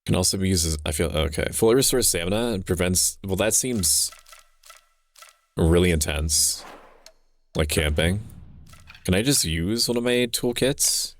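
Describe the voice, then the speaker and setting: A man's voice: sits low, lively intonation, moderate pace, long pauses. A young man streaming a game, chatting casually in a rambling, joking way, often interrupting himself and swearing now and then. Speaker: VTuber streamer. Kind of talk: casual gameplay commentary.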